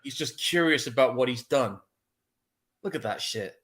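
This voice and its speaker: A man co-hosting a casual movie commentary podcast, laid-back and profane, quick to laugh along. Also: medium pitch, animated, a bit bright. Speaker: podcast co-host.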